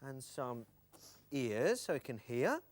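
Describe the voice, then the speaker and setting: A man's voice: mid-range voice, big pitch swings, slow. A man presenting a children's TV show, playful and patient.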